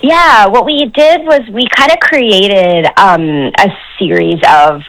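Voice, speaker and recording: A woman from Newfoundland with a Newfoundland accent, a dialect coach talking on a phone-in radio interview in a quick, chatty way. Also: medium pitch, a bit bright, rough recording. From Newfoundland, Canada. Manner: chatty, quick, laughs often.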